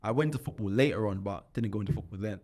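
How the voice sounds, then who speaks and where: He's in his twenties, has a London accent, and talks fast in a fairly low voice. As a podcast guest describing his life, he's animated and slangy, often starting over and repeating words.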